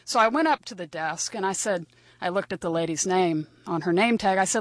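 A woman's voice: fairly low pitch, expressive, a little fast, dry recording. A woman telling a first-person story in a wry, conversational and vivid way.

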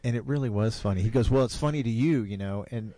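A man in his fifties telling a personal story in a relaxed, unhurried way. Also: medium pitch, no echo. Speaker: storyteller guest.

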